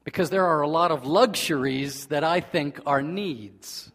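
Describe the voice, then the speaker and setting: A man preaching a sermon in earnest, swinging between loud emphasis and hushed, quiet passages. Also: fairly high pitch, measured pace. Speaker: pastor. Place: church sanctuary. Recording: long reverb of a large hall.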